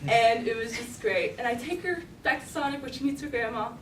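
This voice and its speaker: Telling her story live, the teenage girl giggles often and leans heavily on "like," her fairly high, slightly bright voice moving briskly. A distant mic captures the roomy space, with faint ambience and a little hiss or hum.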